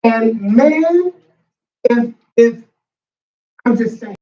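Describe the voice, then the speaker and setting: A man's voice: very high voice, expressive, dark tone, faint music behind. Reflective man sharing a story in a roomy hall. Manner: reflective, halting, with restarts. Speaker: workshop participant. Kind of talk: personal storytelling in group discussion. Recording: distant, dull, roomy recording.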